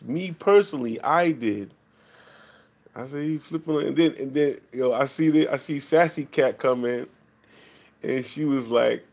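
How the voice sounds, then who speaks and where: A man's voice: on the high side, moderate pace, vocal fry. A man ranting profanely to his chat on a late-night livestream. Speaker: live streamer. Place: home, at night.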